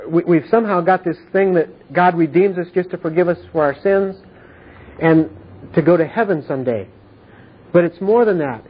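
Husky and high-pitched, a Bible teacher leads an informal study, explaining with earnest repetition and often asking whether his listeners understand. The audio comes through tinny, like a phone.

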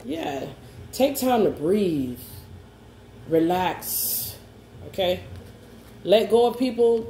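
A woman with a mellow, warm voice gives a coaxing, reassuring tarot reading. She keeps checking in with the listener. The room has a roomy echo and a faint hum behind her. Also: on the low side. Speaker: tarot card reader. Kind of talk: spoken tarot reading to camera.

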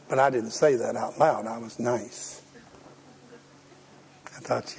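A man's voice: mid-range voice, slow pace, gravelly, pauses often, a little hiss or hum. A man preaching a folksy, humorous sermon and acting out the voices he quotes. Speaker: pastor.

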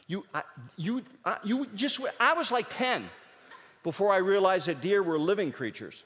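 A middle-aged man from Pennsylvania telling comic stories on stage, jumping up high and loud when he acts out his dad. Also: moderate pace, in a large hall, a little hiss or hum. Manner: animated, shouts his dad's lines in a high voice. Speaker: stand-up comedian. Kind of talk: storytelling stand-up comedy.

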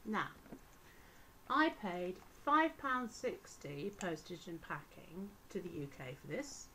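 Woman vlogger, slow-paced, sarcastic and exasperated, casual home-video feel. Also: lowish voice, expressive, pushed and bright, slight background noise, poor audio. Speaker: teacher. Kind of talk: casual ranting vlog.

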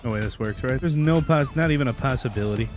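A man streaming a horror game, reacting with loud, profane outbursts as he plays. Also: medium pitch, quick pace. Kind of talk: live gameplay commentary. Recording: game music underneath.

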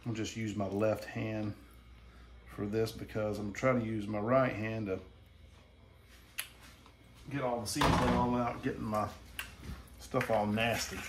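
A man's voice: lowish voice, flat delivery, a little slow, long pauses. Middle-aged southern guy rambling folksy while he cooks, home kitchen then out by the grill, faint noise behind. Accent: Southern American. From American South. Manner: folksy, rambling, self-deprecating. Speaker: cooking channel host. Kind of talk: casual cooking vlog.

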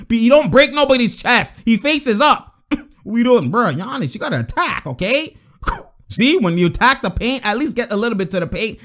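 A man with a fairly high voice reacts to basketball highlights in casual, slang-heavy commentary. He laughs a lot, repeats himself and jumps between excitement and breakdowns of plays. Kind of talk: casual reaction commentary over game clips.

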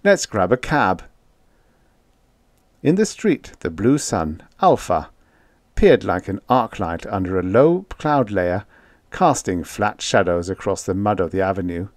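A man narrating a science fiction audiobook in an expressive, lively reading. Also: low voice, measured pace, no room sound.

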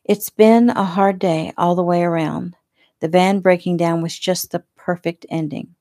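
A woman's voice: fairly low pitch, fairly even intonation, unhurried, mellow, dry recording, close to an everyday voice. A woman reading the lines of a proud, weary young mother with an earnest, indignant manner in a casual audiobook.

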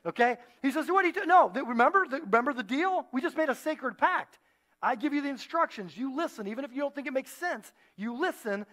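Man, pastor, sermon, high-pitched, animated storytelling, playful asides. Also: a little fast. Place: church stage.

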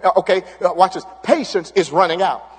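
A man's voice: high-pitched, a little fast, breathy edge. A middle-aged man preaching a fervent sermon as pastor, repeating catchphrases and interjections. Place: church sanctuary. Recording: long church hall reverb.

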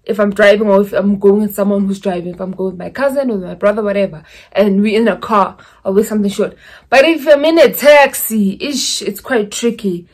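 A woman's voice: mid-range voice, brisk, a little mellow, husky. A young woman from South Africa with a South African accent, chatting casually in a vlog and slipping in Zulu phrases as she rambles through stories. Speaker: YouTuber.

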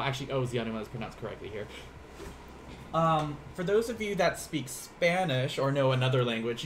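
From a room at home, a young man teaches a Japanese lesson on a casual livestream, rambling, laughing often, teasing himself, and using lots of fillers. His voice is medium-pitched, with a little hiss or hum in the audio.

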